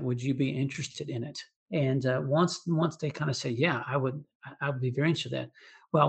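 A man speaking as a guest clinician on a podcast. His voice is gravelly with a husky edge at an ordinary pitch, and he explains at a relaxed pace, circling back and restarting his phrases as he goes. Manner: explanatory, many restarts and "you know" fillers. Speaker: physician assistant guest. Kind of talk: conversational medical interview.

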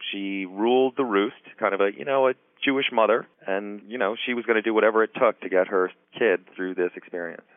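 A middle-aged man, a guest author and psychiatry professor, telling stories in a radio interview with a relaxed manner and many "you know"s. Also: on the low side, fairly quick, hardly any pauses, dry recording. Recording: tinny phone-line call-in audio.

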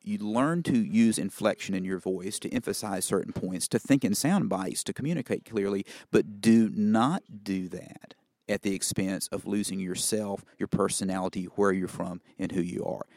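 Southern doctor with a low dry voice. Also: male voice, moderate pace, dry recording. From Mississippi, US. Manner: relaxed, anecdotal, folksy asides. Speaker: family physician and broadcaster. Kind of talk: storytelling interview answers.

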